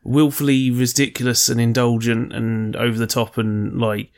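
A man's voice: medium pitch, flat delivery, moderate pace, darkish tone. A man co-hosting a podcast in casual chat, rambling, joking and swearing freely. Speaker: podcast co-host.

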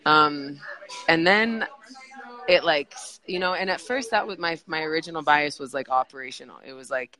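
A woman's voice: low-pitched, a little fast, pushed and bright, low-quality recording. A woman who is a podcast guest, telling a personal story casually in a rambling way, with many fillers and restarts.

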